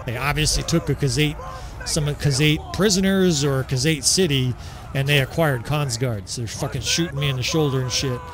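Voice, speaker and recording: A man giving casual, excitable gameplay commentary as he sets up a battle, swearing freely and laughing often. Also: medium pitch, normal speed.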